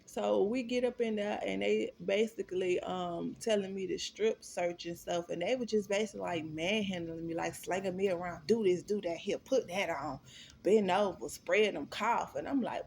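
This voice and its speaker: A woman's voice: medium pitch, moderate pace, vocal fry, darkish tone, slight background noise. A young woman from Florida telling a personal story to her viewers in a candid, profane way, often calling them y'all. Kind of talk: casual storytime vlog.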